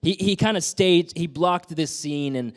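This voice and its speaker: A man's voice: on the high side, measured pace. A man answering questions at a press conference in an earnest, upbeat way. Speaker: lead actor at a press conference.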